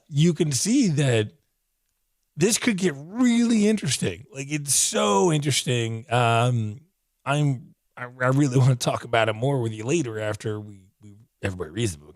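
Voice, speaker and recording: An out-of-breath man whose voice is fading, reviewing a comic book in an excited, rambling way full of "like". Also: mid-range voice, no echo, clean studio sound. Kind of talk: casual video review.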